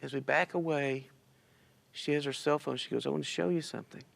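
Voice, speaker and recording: A man with a slightly high, gravelly voice and a steady tone talks briskly about a loss in his life during an informal church interview. He is tearful and emotional, quotes himself and other people, and the audio comes from the church stream.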